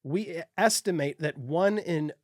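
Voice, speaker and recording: A man's voice: fairly high pitch, normal speed, no room sound, studio quality. A man hosting a casual podcast, reading his research notes aloud and joking between points.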